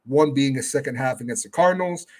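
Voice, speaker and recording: A man on as a guest who talks football in a casual, measured way, often hedging his points. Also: mid-range voice. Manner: relaxed, measured, hedging with "I mean". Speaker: guest fan analyst. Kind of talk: casual sports talk.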